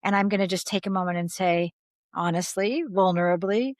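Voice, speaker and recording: A woman leadership consultant speaking as a guest in a podcast interview, calm and reflective, sometimes acting out quoted reactions. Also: on the low side, fairly quick, no room sound.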